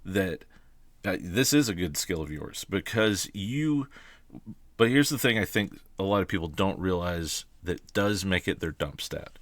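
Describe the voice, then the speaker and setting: A man's voice: deep voice, animated, a little slow, dry recording. A man and game master talking casually on a podcast, thoughtful and often restarting his phrases.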